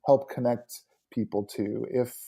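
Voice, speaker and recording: A man's voice: mid-range voice, fairly even intonation, unhurried, vocal fry, breathy edge. A man speaking as a podcast guest and worship leader, talking earnestly and casually about connecting with people. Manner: earnest, warm about his community. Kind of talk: casual interview chat.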